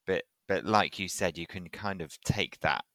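Male podcast host, deep yet bright, smooth and dry, thoughtful with fillers. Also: measured pace, no echo. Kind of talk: casual interview chat.

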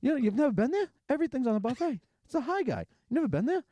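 A man's voice: very high-pitched, sing-song, rapid-fire, dark tone, no echo, voice pushed up, full character voice. A man putting on the voice of a pushy, chatty woman restaurant greeter who keeps repeating herself in a brassy, insistent way.

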